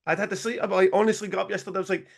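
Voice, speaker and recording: A man's voice: high-pitched, very fast, creaky. Man telling a swear-laden story. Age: 40s. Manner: swears freely, animated storytelling with laughs. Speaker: podcast co-host. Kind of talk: casual chat.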